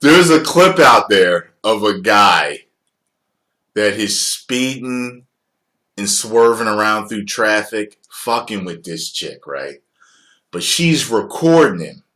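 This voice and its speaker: A man in his forties from the United States hosts a casual livestream chat in a lowish voice. He talks slowly, with a lively, swooping pitch. His talk is profane and full of laughter, and it swings between loud and soft. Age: 40s. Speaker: livestream host.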